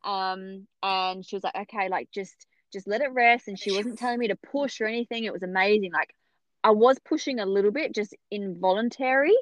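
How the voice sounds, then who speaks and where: A woman tells a story in a casual, animated way, acting out other people's lines as she goes. The room is dry and close. The sound is slightly dull and muffled. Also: mid-range voice, a little fast, dry recording. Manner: chatty, animated, acts out others' voices. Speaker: podcast guest telling her birth story.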